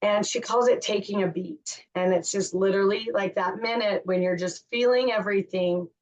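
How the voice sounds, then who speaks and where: A woman's voice: medium pitch, steady tone, moderate pace, far from the mic, rough recording. A woman hosting a podcast, chatting candidly and telling family stories in a casual, self-deprecating way. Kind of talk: casual chat.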